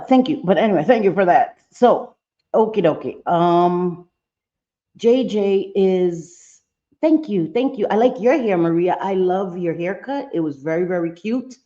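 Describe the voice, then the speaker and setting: A woman's voice: on the low side, mellow. A woman hosting a casual livestream, chatting and greeting her viewers by name. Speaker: livestream host. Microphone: computer mic on a livestream. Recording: dull lo-fi stream audio.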